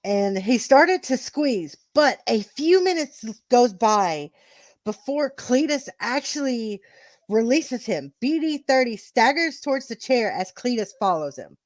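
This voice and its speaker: Excitable female co-commentator. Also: a little high, a little slow, dry recording. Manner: excitable, giggly, apologetic. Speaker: wrestling co-commentator. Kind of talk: reading wrestling play-by-play, casual banter. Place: home, with children in the room.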